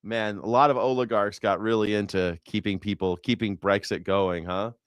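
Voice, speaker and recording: A man's voice: on the low side, steady tone, moderate pace, smooth, dry recording, clean studio sound. A man hosting a news reaction livestream, sarcastic, profane and mocking. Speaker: host.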